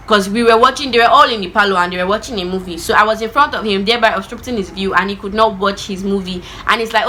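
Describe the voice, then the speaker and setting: A young woman tells a childhood story straight to camera. Her voice is bright and forward, and she talks in a lively way, slipping into the voices of the people she describes. It sounds like a casual storytime vlog. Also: medium pitch, fast talker, slight background noise. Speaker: vlogger.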